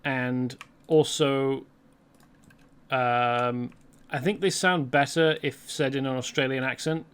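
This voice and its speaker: A man's voice: mid-range voice, steady tone, slow, a bit bright, clean tone. A man hosting a let's play, rambling chattily through gameplay commentary and correcting himself as he goes.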